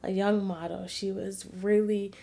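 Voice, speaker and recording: A woman vlogger earnestly telling a personal story in a reflective, sometimes soft-spoken way. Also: medium pitch, flat delivery, a little slow, vocal fry.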